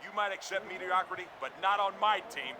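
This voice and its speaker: An actor playing a gruff male football head coach who barks short orders at his players from the sideline, heard as game audio. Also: high voice, fairly quick, very noisy, natural voice. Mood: irritated. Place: video game sideline soundtrack.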